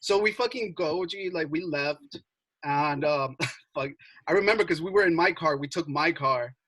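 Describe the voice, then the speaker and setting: Young man, casual storytelling, animated, lots of filler words, bright tone. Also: a little high, normal speed, rough recording. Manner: animated, swears a lot, heavy filler words. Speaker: podcast co-host.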